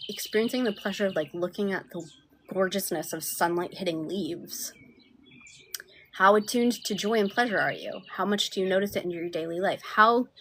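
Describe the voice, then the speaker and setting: Woman, manifestation coach, soft affectionate delivery, near-whispers at times, faint outdoor noise. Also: mid-range voice. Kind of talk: live-stream talk answering viewers.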